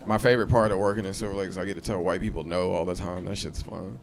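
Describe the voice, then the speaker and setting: A man in his thirties doing a stand-up set, brash and profane, jumping into shrill high voices for punchlines. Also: fairly even intonation, fast talker, vocal fry, slight background noise. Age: 30s. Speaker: stand-up comedian. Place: comedy club stage. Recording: live club crowd laughter. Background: audience laughing.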